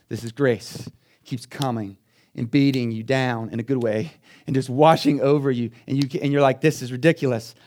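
A man preaching a sermon as pastor, telling stories in a conversational way and swinging between quiet asides and loud, emphatic bursts. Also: medium pitch.

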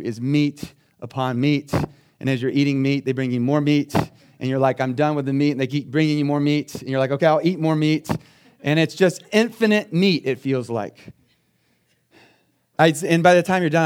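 A man's voice: medium pitch, brisk. Emphatic storytelling male pastor. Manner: conversational storytelling, swings between quiet asides and loud emphatic bursts. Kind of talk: sermon.

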